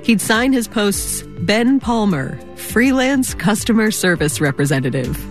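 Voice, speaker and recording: Woman, news reporter, scripted narration, middle pitch, faint music bed. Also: animated, unhurried. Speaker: radio reporter.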